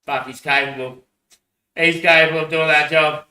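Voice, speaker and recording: A man's voice: on the high side, steady tone, moderate pace, bright, forceful tone. An Australian man in a rambling casual monologue, swearing a lot and laughing between phrases. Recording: echoey room, voice far from mic.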